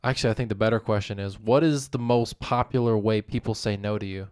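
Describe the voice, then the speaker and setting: A man's voice: lowish voice, steady tone, quick pace, darkish tone, clean tone. A man hosting a podcast, asking casual questions and giving brief, easygoing replies. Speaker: podcast host.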